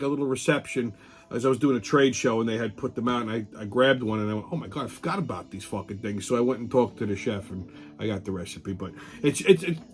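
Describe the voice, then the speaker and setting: A middle-aged man hosting his own show, telling a story as a blunt, profane rant. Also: mid-range voice. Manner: blunt, swears constantly, mocks and rants. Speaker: show host. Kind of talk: profane ranting monologue.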